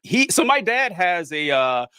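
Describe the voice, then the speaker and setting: A man's voice: high voice, very animated, a little slow, sharp tone, smooth, no echo. A man from the American South hosting a casual chat, rambling and restarting sentences, laughing often. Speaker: podcast host.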